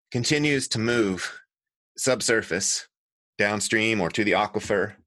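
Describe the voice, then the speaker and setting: A middle-aged man, an author and designer, telling stories as an interview guest in an earnest, animated way that often corrects itself mid-sentence. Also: fairly low pitch, no room sound. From United States. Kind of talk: conversational storytelling.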